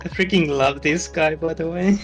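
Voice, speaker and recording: A woman's voice: sits low, moderate pace, faint music behind. A woman from the southern United States, chatting casually with friends, laughing and swearing. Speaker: guest. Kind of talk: casual chat.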